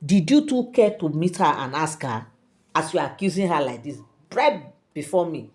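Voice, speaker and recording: A calm, stern middle-aged king, told by a woman with a Nigerian accent, scolding in a firm, low, even way. The voice stays near the storyteller's own. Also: normal speed.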